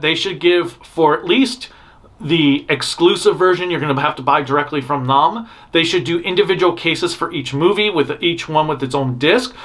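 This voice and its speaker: A man's voice: on the high side, fairly bright tone. A man hosting a fan news show, rambling through blunt opinions with frequent restarts and self-interruptions. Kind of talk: casual opinionated news commentary.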